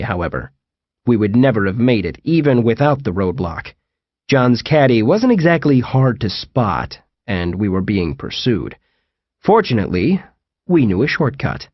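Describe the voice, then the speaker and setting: A man's voice: mid-range voice, very animated, normal speed, no echo, lo-fi sound. A man narrating a first-person comic horror audiobook in a wry storytelling manner. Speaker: audiobook reader.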